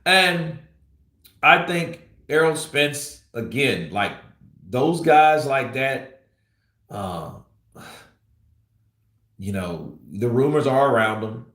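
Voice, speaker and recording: A man's voice: mid-range voice, expressive, very slow, pauses often, a bit bright. A man giving casual commentary on a boxing channel, rambling and blunt with lots of fillers. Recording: roomy echo.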